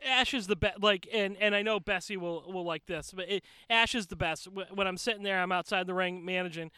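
A man with a high, bright voice tells backstage stories in loose podcast chat. He swears freely and acts out the people he quotes. The sound is close and dry. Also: fairly quick, smooth, dry recording. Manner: animated, profane, acts out quotes in other voices. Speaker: podcast guest; wrestler. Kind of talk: casual storytelling chat.

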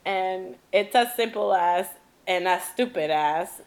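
A woman's voice: medium pitch, slow, a little mellow. Woman co-host, casual, laughs a lot, mimics quoted people. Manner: laughs often, quotes people in put-on voices. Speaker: podcast co-host. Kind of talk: casual group chat.

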